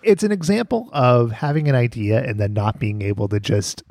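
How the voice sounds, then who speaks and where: A man's voice: medium pitch, normal speed, gravelly, darkish tone, no echo, studio quality. A man hosting a casual podcast, wry and laughing, swearing now and then. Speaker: podcast host.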